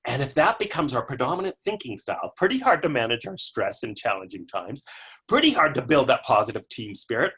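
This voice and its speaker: An energetic man delivering a motivational keynote by webcast, telling stories and tossing in playful asides. His pitch rises and falls in wide, lively swings. The voice has a light husky roughness. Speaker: keynote speaker.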